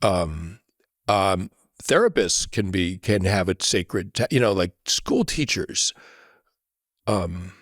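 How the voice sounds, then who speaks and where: A man as a podcast guest, telling a reflective story in an earnest way, often checking in with a quick "right?". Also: sits low, lively intonation, slightly rough, no echo, clean studio sound.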